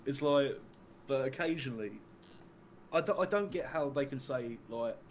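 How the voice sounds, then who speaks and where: A man's voice: mid-range voice, lively intonation, moderate pace, a little hiss or hum. Young Englishman rambling in casual chat. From England. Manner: rambling, says "like" a lot, swears casually.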